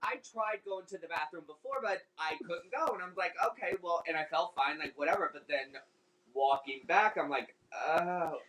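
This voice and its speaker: A man's voice: a little high, normal speed, pushed and bright, slight background noise, low-quality recording. A man telling a story in casual chat on a livestream, laughing often and swearing freely.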